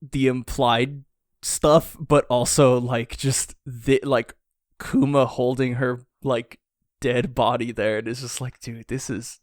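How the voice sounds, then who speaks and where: A man co-hosting a podcast, chatting casually in a slangy, excited way and often saying "dude". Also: medium pitch, slow pace, no echo, studio quality. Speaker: podcast co-host. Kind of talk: casual chat, recapping a comic chapter.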